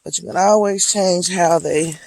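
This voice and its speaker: A hiking vlogger, speaking slowly and reflectively, encouraging viewers while out on a wooded trail near waterfalls. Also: mid-range voice, steady tone, vocal fry, a little mellow, poor audio. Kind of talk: motivational outdoor vlog.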